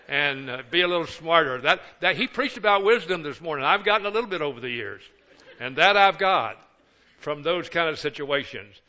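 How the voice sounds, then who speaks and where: A man's voice: fairly high pitch, pushed and bright, lo-fi sound. An older man, a pastor of many years, preaching a sermon with folksy, joking asides.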